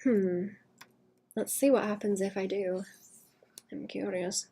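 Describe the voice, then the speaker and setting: A woman streaming herself drawing, chatting casually in a rambling way that trails off and drops to a quiet murmur. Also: mid-range voice, steady tone, slow pace, slightly rough. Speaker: art streamer. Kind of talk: casual live-stream chat while drawing.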